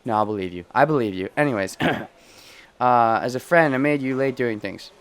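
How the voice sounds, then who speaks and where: A man's voice: mid-range voice, normal speed, clear, resonant tone. A man streaming a game, chatting in a rambling, self-correcting way and reading story text aloud. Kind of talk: casual let's play commentary.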